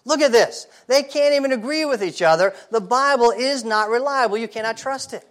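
A man's voice: very high voice, fairly quick, voice pushed up. A man doing a sneering skeptic. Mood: scornful. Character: mocking male skeptic, scornful and dismissive.

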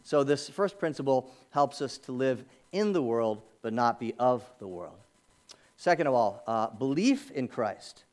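A man's voice: medium pitch, lively intonation, measured pace, a little mellow. A man preaching a sermon as pastor of his church, talking conversationally with asides and rhetorical questions. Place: church sanctuary.

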